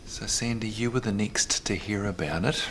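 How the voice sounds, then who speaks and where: Calm New man mediating. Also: lowish voice, noisy background. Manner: gentle, measured questioning. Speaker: conference facilitator.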